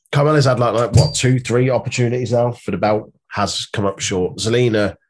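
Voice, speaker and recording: A man co-hosting a podcast, talking about wrestling in an exasperated, sarcastic way with some swearing. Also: fairly low pitch. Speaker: podcast co-host. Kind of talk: casual wrestling chat.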